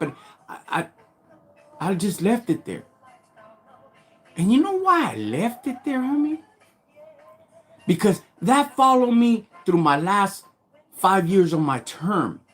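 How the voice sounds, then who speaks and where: Man, high-pitched, loose street storyteller who gets heated, faint music underneath. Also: big pitch swings, measured pace, pauses often. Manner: street slang, gets fired up and loud when retelling. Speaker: livestream host. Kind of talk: storytelling monologue on a live stream.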